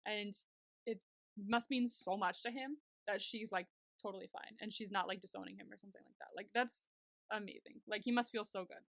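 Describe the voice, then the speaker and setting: A woman's voice: mid-range voice, brisk, gravelly, fairly bright tone, no echo, studio quality. A young woman co-hosting a podcast, chatting casually and gushingly while recapping a TV episode, saying "like" a lot. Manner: gushing, chatty, heavy use of "like". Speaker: podcast co-host.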